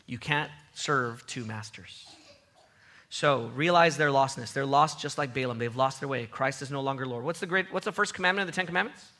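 A man preaching a sermon with emphatic repetition, his voice swinging from loud outbursts to soft low passages. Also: brisk. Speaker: pastor.

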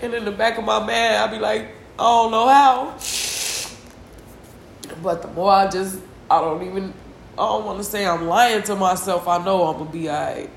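A distressed, tearful woman hosting a solo confessional podcast, venting slowly and heavily with sighs and a lot of swearing. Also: medium pitch, creaky, reverberant, slight background noise. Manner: slow, heavy, profane venting with sighs. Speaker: podcast host.

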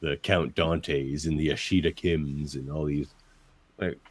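A man's voice: very deep voice, steady tone, a little slow, slightly rough. A man co-hosting a movie podcast, chatting with wry, laughing asides. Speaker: podcast co-host. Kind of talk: casual movie review chat.

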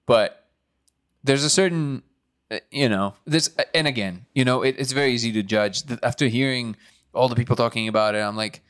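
A man hosting a casual podcast chat, opinionated and quick to cut in with questions and his own view. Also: mid-range voice, a bit bright. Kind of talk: casual conversation.

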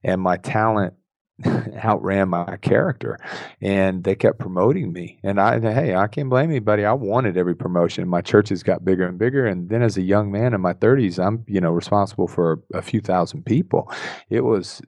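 A man's voice: on the low side, moderate pace, vocal fry, darkish tone, no echo. A middle-aged man telling his own story as an interview guest, intense and self-deprecating, often laughing. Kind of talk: candid personal storytelling.

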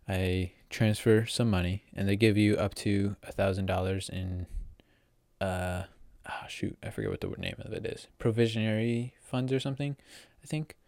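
A man's voice: lowish voice, lively intonation, normal speed, vocal fry, darkish tone, dry recording, studio quality. An eighteen-year-old young man telling a casual story in a rambling way, full of fillers and restarts. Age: teens. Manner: rambling, filler-heavy, self-correcting. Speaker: vlogger.

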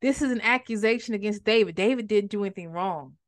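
A woman teaching the Bible on a podcast, animated and conversational, repeating words for emphasis. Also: medium pitch, fast.

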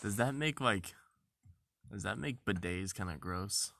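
A man's voice: fairly low pitch, lively intonation, unhurried, vocal fry, pushed and bright, no room sound. A young man in goofy, playful casual chat who laughs a lot. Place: blanket fort.

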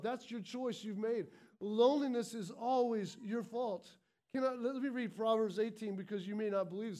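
High-voiced man preaching emphatically. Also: a little mellow. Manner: emphatic, repetitive preaching with frequent restarts. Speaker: pastor. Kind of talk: sermon.

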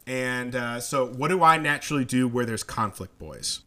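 A man telling a story on a podcast in casual conversation. He talks in an animated, jokey way and acts out the lines of the people in his story. His voice sits at an ordinary pitch for a man. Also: normal speed. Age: adult, married. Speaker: podcast co-host.

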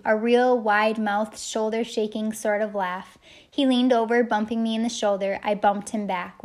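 Lady reading an audiobook in first person, heartfelt, middle-pitched. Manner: heartfelt storytelling, shouting the quoted lines. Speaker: audiobook narrator.

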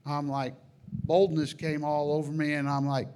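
A man sharing a personal religious testimony about a dream, in an earnest, halting way with frequent restarts, sometimes rising high and loud with feeling. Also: flat delivery. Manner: rises high and loud at emotional peaks.

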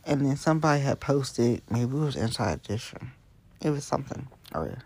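A show host chatting casually and at length about the news, rambling and often dropping into hushed asides. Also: mid-range voice, expressive, a little fast, husky. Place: Hamilton County area.

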